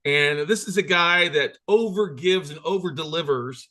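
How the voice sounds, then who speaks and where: A man hosting a show, energetic and enthusiastic as he introduces and interviews a guest. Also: fairly high pitch, moderate pace. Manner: hyped, enthusiastic, emphatic. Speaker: podcast host.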